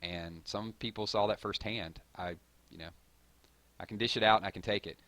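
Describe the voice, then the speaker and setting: Rambling through viewer comments on his live stream, a man chats loosely, often using fillers and correcting himself mid-sentence. His pitch is fairly low and his tone steady and a bit bright, at a normal pace, in a dry recording.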